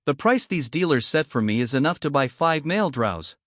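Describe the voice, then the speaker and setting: A man's voice: on the high side, lively intonation, a little fast, fairly bright tone, dry recording, clean studio sound. A man reading a teasing young vampire woman. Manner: teasing, self-deprecating.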